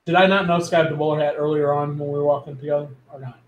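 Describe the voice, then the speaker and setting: A man's voice: on the high side, level tone, rapid-fire, lo-fi sound. Male player, teasing and chatty, recorded far off in an echoey room. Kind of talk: casual tabletop game chat. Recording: roomy, distant mic with faint noise.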